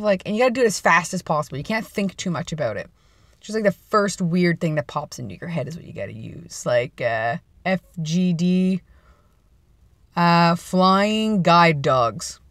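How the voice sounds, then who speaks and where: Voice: medium pitch, a bit bright, no room sound. A vlogger chatting casually and playfully from inside a parked car, rambling and laughing at their own jokes. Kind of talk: casual chat.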